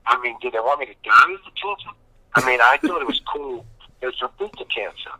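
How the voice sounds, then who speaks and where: A man talks casually as an interview guest. His voice is bright and forceful, and the sound is dry and close. He rambles and repeats himself for emphasis. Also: medium pitch, expressive, quick pace, no echo, poor audio. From Boston. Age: 50s. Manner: rambling, emphatic storytelling with repetition.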